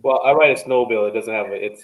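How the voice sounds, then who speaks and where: Relaxed man thinking aloud. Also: fairly low pitch, rapid-fire, noisy background. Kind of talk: casual chat.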